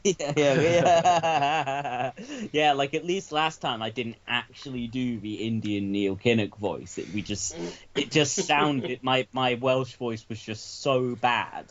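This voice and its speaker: A man's voice: medium pitch, takes it slowly, few pauses. A man from the United Kingdom hosting a comedy podcast, dry and self-mocking, often stumbling over his words. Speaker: podcast host. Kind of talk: casual comedy chat. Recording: dull lo-fi sound.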